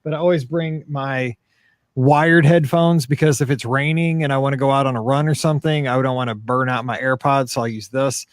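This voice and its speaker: A man's voice: medium pitch, fairly even intonation, brisk, no echo. Man, middle-aged, podcast co-host, rambling casual chat, dry sound. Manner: rambling, chatty, self-deprecating.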